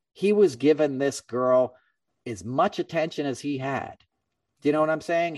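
A middle-aged man hosting a podcast, telling a story in a casual, animated way and acting out other people's lines. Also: medium pitch, dry recording, far from the mic. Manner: animated, acts out quoted voices. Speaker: podcast host.

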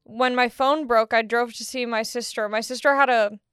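A woman's voice: a little high, fairly even intonation, moderate pace, fairly bright tone, smooth, dry recording, clean studio sound. A young woman hosting her own podcast, talking in a rambling, jokey, self-deprecating monologue. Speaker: podcast host. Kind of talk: casual monologue.

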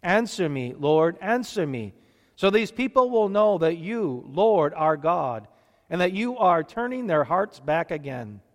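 A commanding older prophet, bold and stern, read aloud by a man whose voice sits high for a male speaker, with the words ringing through a long, echoey hall. The lines are declaimed with raised emphasis. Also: sing-song, unhurried. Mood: pleading.

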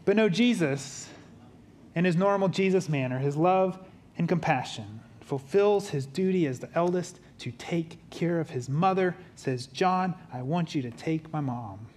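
A man with a fairly high voice preaches a sermon as a pastor. He drops into quiet, low tones for weight, then lifts into lively, joking asides. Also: unhurried. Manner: humorous asides in a conversational tone.

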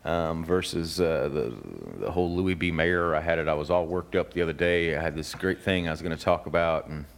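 A man's voice: low voice, flat delivery, a little fast. A man hosting a casual radio talk show, chatting loosely with many fillers and frequent laughs. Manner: laughs often, rambling with fillers. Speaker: podcast host.

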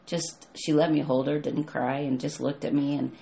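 A woman's voice: low voice, flat delivery, normal speed, gravelly. An older woman, a grandmother, talking casually about prayer and her grandson, with many restarts. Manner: warm, rambling, restarts sentences. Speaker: co-host. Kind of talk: casual conversation about faith.

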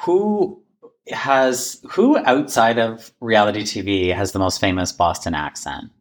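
A man co-hosting a podcast, talking through the episode in a casual recap style. His voice sits fairly low, and he reacts quickly to his partner and laughs easily. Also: expressive. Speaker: podcast co-host. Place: recorded in person in a room.

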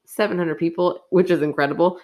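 A woman co-hosting a relaxed podcast in a slightly low voice. She teases her co-host and giggles through the easygoing chat. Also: brisk. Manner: teasing, giggly. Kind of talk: casual chat.

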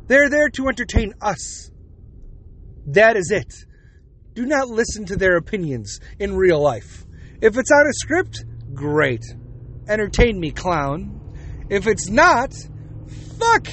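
A podcast host in his forties delivers a blunt, heated rant full of swearing. His voice is high-pitched and a bit bright as he airs his opinions.

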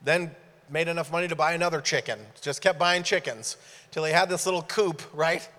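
A man preaching as a guest speaker in church, telling animated stories and acting out the dialogue. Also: on the high side, brisk. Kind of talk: sermon storytelling. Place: church sanctuary. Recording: long hall reverb.

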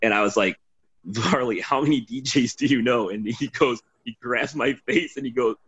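Man, low husky voice, rambling storyteller with curses, dull lo-fi recording. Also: normal speed, fairly bright tone. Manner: rambling, swearing, laughing storyteller. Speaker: podcast guest, former team DJ. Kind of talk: casual storytelling. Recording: dull lo-fi sound.

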